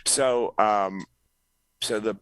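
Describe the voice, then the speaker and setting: A middle-aged man, a comedian, telling an animated story as a podcast guest, jumping up in pitch when he quotes people. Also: extremely slow, poor audio. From North Carolina, US. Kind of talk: storytelling interview.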